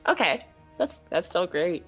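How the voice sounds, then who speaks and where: A woman's voice: fairly low pitch, sing-song, unhurried, fairly bright tone, faint music behind. A woman playing a tabletop game, talking casually, asking questions and swearing freely. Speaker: player.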